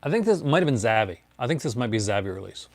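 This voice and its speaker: In a relaxed livestream, a collector shows his discs in rapid-fire speech, his middling voice swinging widely in pitch. He is chatty and rambling, laughs often and calls out to viewers by name. The sound is dry and close, with no room echo.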